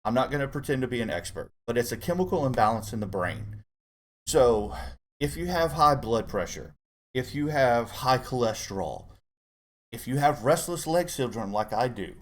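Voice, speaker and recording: A middle-aged man telling a candid personal story in casual chat, earnest and halting as he opens up. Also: mid-range voice, sing-song. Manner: earnest, halting, open about emotion. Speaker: co-host guest dad.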